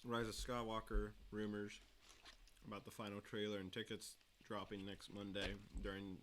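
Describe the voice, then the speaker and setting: A man's voice: on the low side, level tone, moderate pace, fairly bright tone. Young man, livestream host, casual chat, mumbling while eating, faint background hiss. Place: home studio, indoors.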